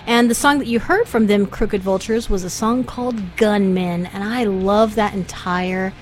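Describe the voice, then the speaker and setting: A woman's voice: mid-range voice, normal speed. Playful woman co-hosting a radio show. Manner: playful, giggly, gushing about music. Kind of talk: casual radio banter.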